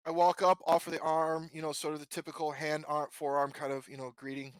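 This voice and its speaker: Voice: medium pitch, little pitch movement, a little fast, smooth, dry recording. A player in a tabletop game, earnestly describing their character's actions. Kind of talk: casual tabletop game chat.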